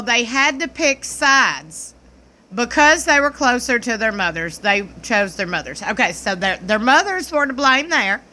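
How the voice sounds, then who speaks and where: A woman's voice: high voice, sharp tone. Sassy Southern woman vlogger. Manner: sassy, blunt, mocking. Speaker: commentary vlogger. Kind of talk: opinionated commentary.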